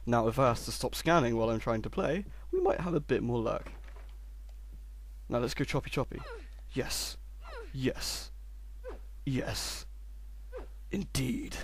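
A man's voice: medium pitch, slight background noise. Sarcastic man narrating gameplay. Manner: sarcastic, shouts insults at the game. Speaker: let's play host. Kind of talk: gameplay commentary.

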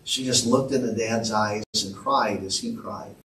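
A man's voice: on the low side, fairly even intonation, a little slow, a bit bright. Male pastor, emphatic sermon delivery, recorded from a distance with faint noise. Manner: earnest, emphatic, calls out to the congregation. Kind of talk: sermon with storytelling. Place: church sanctuary. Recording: echoey church room from a distance.

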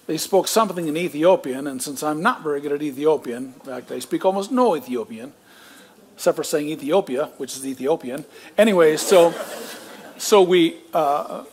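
A man who is a pastor, telling a story in a sermon in a casual, self-deprecating way with joking asides. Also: on the high side. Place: church.

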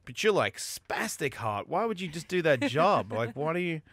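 A man's voice: on the high side, big pitch swings, moderate pace, fairly bright tone, no echo. A man hosting a radio show, talking in crude, rambling banter with lots of stammering restarts. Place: radio studio. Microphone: studio microphone.

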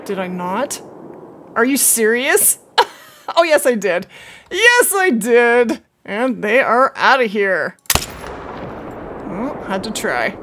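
A woman hosting her own gaming channel, chatting and reacting out loud as she plays a hunting game. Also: on the high side, slow pace, pauses often, slight background noise. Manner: chatty, excitable, talks to herself while playing. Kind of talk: casual gameplay commentary.

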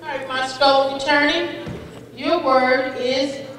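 Woman reading out spelling bee words, high voice, echoey gym, sounds far from the mic. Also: fairly even intonation, takes it slowly, crowd noise, noisy background. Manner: patient, encouraging, calls each speller friend. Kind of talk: reading words, definitions and example sentences.

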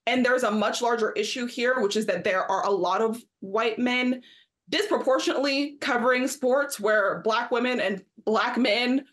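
A woman's voice: a little high, normal speed. A woman co-hosting a sports talk show, arguing her point emphatically and acting out quotes in mocking voices. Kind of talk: studio discussion.

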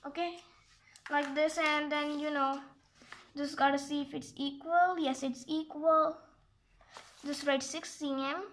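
A woman's voice: high-pitched, little pitch movement, measured pace, pauses often, a bit bright, slight background noise. A woman explaining a geometry exercise step by step in a casual, rambling way, often stopping to correct herself and apologize. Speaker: math tutorial maker.

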